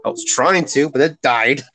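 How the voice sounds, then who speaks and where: A man's voice: a little high, lively intonation, unhurried, fairly bright tone, a little hiss or hum. Joking man chatting on a live stream. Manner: jokey, laughs often. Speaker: co-host coloring a drawing on a live stream. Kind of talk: casual live-stream chat.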